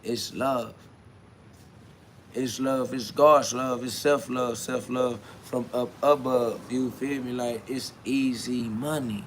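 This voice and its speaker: A man's voice: mid-range voice, steady tone, slow, a little hiss or hum. A man hosting a solo self-talk podcast, rambling loosely in with frequent laughs. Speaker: podcast host.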